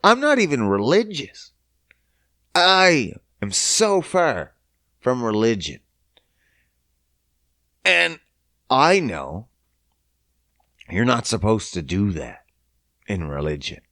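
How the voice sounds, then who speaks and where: A man's voice: medium pitch, huge pitch swings, slow pace, pauses often, a bit bright, no echo, studio quality. A man from Canada hosting a podcast, ranting in a casual, profane, incredulous and sarcastic way. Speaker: podcast host. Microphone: podcast mic.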